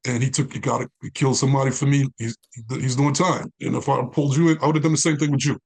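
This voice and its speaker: A man, a guest in an interview, telling his life story with animated quoted dialogue. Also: medium pitch, fast talker, creaky, crowd noise. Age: 40s.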